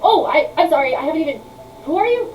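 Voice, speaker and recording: A woman voicing a scatterbrained, forgetful male tinkerer who stammers and rushes his words, over-eager and flustered. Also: high-pitched, animated, darkish tone, far from the mic, a little hiss or hum, voice pushed up.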